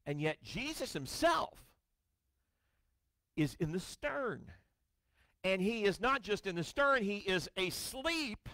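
High, lively-voiced man preaching. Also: slow pace, long pauses, dry recording. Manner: dramatic scripture reading, swings between booming and hushed; storytelling with wry asides. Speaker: pastor. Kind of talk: sermon. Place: church sanctuary.

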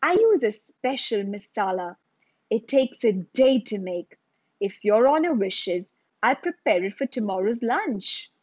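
A woman voicing a proud, stubborn male cook who speaks calmly and bluntly in a storybook reading. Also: mid-range voice, a little slow, slightly rough, dry recording, highs cut off. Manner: calm and blunt.

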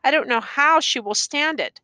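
A woman's voice: high-pitched, pushed and bright, no echo, voice pushed up. A woman reading a shaken older farmer father. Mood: shaken, dazed. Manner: stunned, halting questions. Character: grieving older white farmer father, man.

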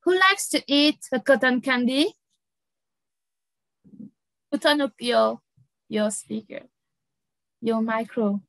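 A young woman teaches French to children, going slowly, repeating each word and laughing often. Her voice is a little high, creaky and fairly bright. The recording is rough, close and dry, with no echo or room sound.

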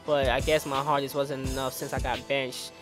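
A young man commentating his own basketball video game play for viewers, animated and exasperated at his teammates. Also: medium pitch, moderate pace, poor audio. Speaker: gaming YouTuber. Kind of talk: live gameplay commentary. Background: game music and sound.

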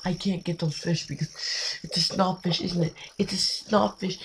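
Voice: mid-range voice, fairly even intonation, moderate pace, breathy edge. A gamer giving let's play commentary, talking in a frustrated, dramatic way and scolding the fish in the game. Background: faint game music.

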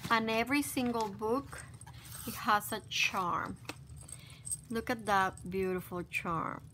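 A woman's voice: medium pitch, steady tone, slow pace, bright, forceful tone. A woman vlogger at home, gushing and exclaiming as she opens crafted mail in casual unboxing chat. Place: at home by her desk. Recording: noisy background hiss.

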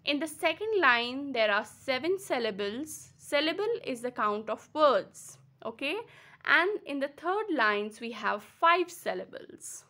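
A woman teacher from Kashmir with an Indian English accent, patiently explaining a lesson and repeating words slowly, syllable by syllable. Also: high-pitched, expressive, sharp tone. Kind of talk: slow classroom explanation.

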